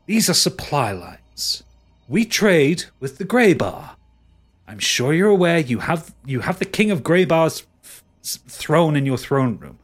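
A man voicing an exasperated, condescending male merchant leader who explains things slowly. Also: medium pitch, very animated, faint music behind.

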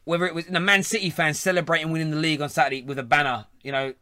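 A man's voice: on the high side, fairly even intonation, rapid-fire, sharp tone, no echo, clean studio sound. A man, hosting a show in casual, joking chat. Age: 30s. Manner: chatty, laughing banter. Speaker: host.

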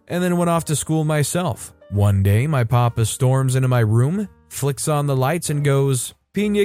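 A man narrating online stories in a casual, lively reading style. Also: mid-range voice. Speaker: story narrator.

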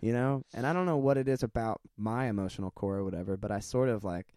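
A man's voice: on the low side, quick pace, darkish tone, clean tone, no echo. A man co-hosting a podcast in casual chat, rambling and self-deprecating, laughing often and swearing freely. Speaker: podcast co-host.

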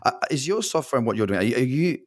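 A man's voice: mid-range voice, very animated, very fast, dry recording, clean studio sound. An Australian man hosting a casual interview, asking long rambling questions with many restarts. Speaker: podcast host.

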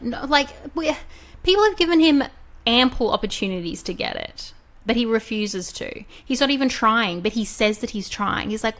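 Casting: woman, podcast co-host, fired-up and sweary, mid pitch. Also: animated, a little fast, fairly bright tone. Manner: heated, swears, mimics politicians. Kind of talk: casual podcast chat.

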